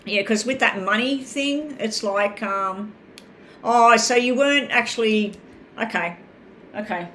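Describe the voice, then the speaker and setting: A woman's voice: on the high side, a little slow, fairly bright tone, slight background noise. A woman giving live tarot readings, talking in a chatty, rambling way and addressing viewers by name. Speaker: tarot reader.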